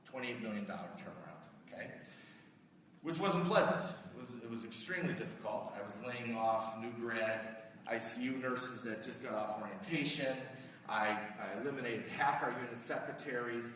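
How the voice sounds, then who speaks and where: Man, middle-aged, keynote speaker, bright voice, chatty, quizzes the audience, echoey hall recording from far off. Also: medium pitch, a little hiss or hum. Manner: conversational, asks the audience questions. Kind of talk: conference keynote talk. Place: large conference hall.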